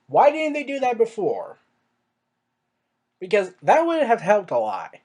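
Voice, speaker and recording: A reviewer in a casual monologue, rambling with fillers and restarts and firing off exasperated rhetorical questions, their pitch jumping up on emphasis. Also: wildly swooping pitch, measured pace, a little mellow. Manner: pitch swings up sharply on emphasis. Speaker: show reviewer.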